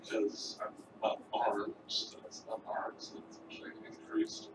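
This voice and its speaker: A man's voice: lowish voice, wildly swooping pitch, measured pace. A man playing a tabletop game, hesitant with fillers. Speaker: player. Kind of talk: casual tabletop play. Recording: roomy, distant, noisy.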